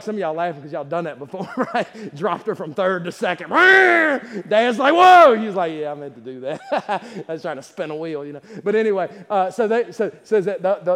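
A man preaching a sermon, who swings from loud climaxes to quiet asides and laughs while telling stories. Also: high voice. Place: church sanctuary. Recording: long hall reverb.

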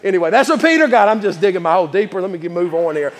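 A man's voice: high voice, big pitch swings, very fast, in a large hall. A man preaching a sermon in church, folksy and chatty, laughing often and repeating his words.

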